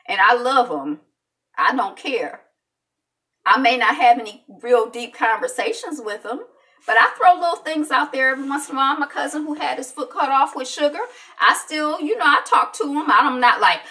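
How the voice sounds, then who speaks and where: A woman hosting an online talk show, rambling and animated, with many restarts and quoted asides. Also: high-pitched, normal speed, far from the mic. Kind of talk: casual opinion talk.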